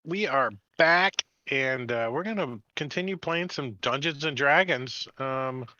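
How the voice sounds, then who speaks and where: Laid-back male game master, slow and bright, dry close mic with a dull lo-fi tone. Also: mid-range voice, no room sound. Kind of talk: running a tabletop game.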